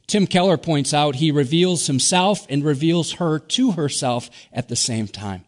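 Slow, high-voiced preaching man. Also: big pitch swings. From Wisconsin. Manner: earnest, dropping to hushed soft emphasis. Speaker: pastor. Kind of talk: Easter sermon.

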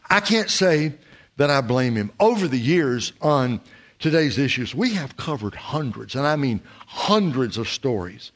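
A male pastor giving a measured, emphatic sermon full of rhetorical questions. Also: fairly high pitch.

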